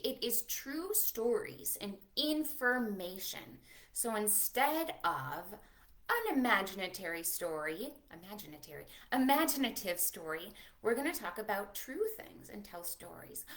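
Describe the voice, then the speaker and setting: A young adult woman who works as a children's librarian leads a livestreamed preschool storytime, addressing little kids and a puppet in a lively, sing-song manner. Her voice sits in the mid-range, and she speaks a bit slowly.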